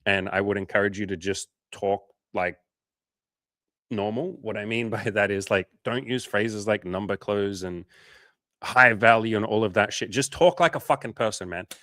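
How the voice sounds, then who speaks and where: A man's voice: fairly low pitch, normal speed, a bit bright, no echo, clean studio sound. A man hosting a coaching livestream in casual chat. He reads out viewer comments and answers them with blunt, profane, frank advice.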